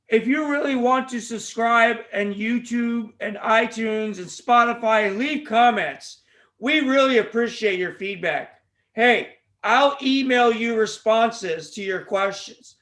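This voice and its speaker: Brief: male podcast host, high voice, loose rambling monologue full of jokes and tangents. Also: takes it slowly, fairly bright tone. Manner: jokey, goes off on tangents, plugs the show.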